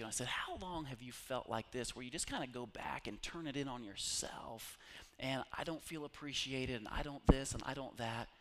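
Middle-aged male pastor, fairly high voice, lively sermon storytelling that swings from loud to hushed.

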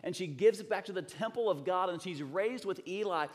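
A man in his thirties preaching a sermon, telling a story with acted-out voices and swinging from loud bursts to near whispers. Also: high voice, a little fast. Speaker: pastor. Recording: long reverb of a large hall.

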